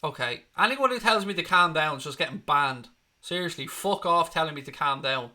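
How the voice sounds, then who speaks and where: A man's voice: a little high, animated, a little fast, sharp tone. A man hosting a live football watchalong, reacting bluntly to the match and swearing freely as he talks his viewers through it. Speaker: football fan channel host.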